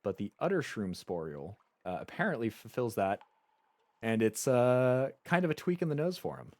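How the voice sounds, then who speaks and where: A man's voice: medium pitch, very animated, moderate pace, darkish tone, no room sound. A man streaming a game live, reading its story text aloud and chatting casually with frequent stammered restarts.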